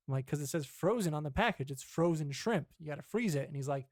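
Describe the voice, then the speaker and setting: A man's voice: a little high, fairly quick, no room sound, studio quality. A young man co-hosting a podcast, chatting casually and telling a rambling, profane story about his dad. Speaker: podcast co-host. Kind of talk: casual chat.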